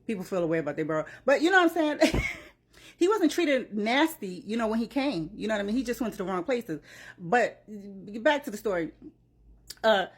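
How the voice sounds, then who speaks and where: A woman's voice: medium pitch, big pitch swings, a little fast, breathy edge. A woman giving an emotional, preachy reaction commentary, often saying "child" and "you know what I'm saying". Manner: uses "child" as address. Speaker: commentary vlogger.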